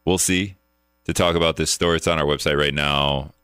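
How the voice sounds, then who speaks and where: A man's voice: very deep voice, fairly even intonation, fairly quick, a bit bright, clear, resonant tone, no echo, clean studio sound. A man from the hosting a call-in talk radio show, joking and rambling, often laughing at his own asides.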